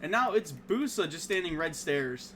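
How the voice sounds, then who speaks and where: A man casting a live esports match with rapid play-by-play and bursts of excitement on big plays. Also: fairly high pitch, a little hiss or hum. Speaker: esports caster.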